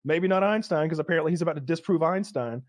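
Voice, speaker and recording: Man, podcast co-host, wry rambling delivery, crude humor, slightly high voice. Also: fast talker. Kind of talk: casual comedic podcast chat.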